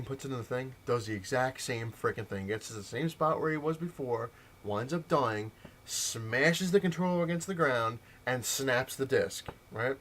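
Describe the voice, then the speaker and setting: A man ranting in a casual vlog, telling a story with heated, animated mimicked dialogue. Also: medium pitch, a little hiss or hum. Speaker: comic collector vlogger.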